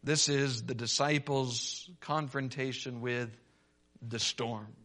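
Man, preacher; slow, bright delivery; dramatic swings in loudness; sermon style. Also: medium pitch, fairly even intonation. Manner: preaching with dramatic rises and hushed drops; reads scripture in old-fashioned wording.

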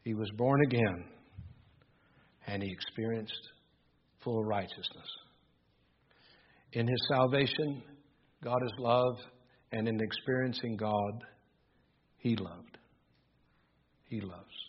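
Older preacher with a husky voice. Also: male voice, on the low side, takes it slowly, long pauses, muffled recording. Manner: reads scripture aloud, alternates hushed musing with rising emphatic preaching. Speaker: pastor. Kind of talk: sermon.

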